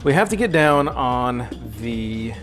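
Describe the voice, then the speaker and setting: Slow, goofy man cooking on stream. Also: medium pitch, lively intonation, fairly bright tone, faint music behind. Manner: goofy, jokey, talks to chat and pets while cooking. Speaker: cooking livestream host. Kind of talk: casual cooking livestream chat. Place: home kitchen.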